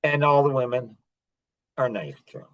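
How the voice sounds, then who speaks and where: A man's voice: medium pitch, animated, moderate pace, fairly bright tone. A middle-aged man hosting a podcast, talking in an impassioned, repetitive monologue and breaking into short laughs. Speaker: podcast host.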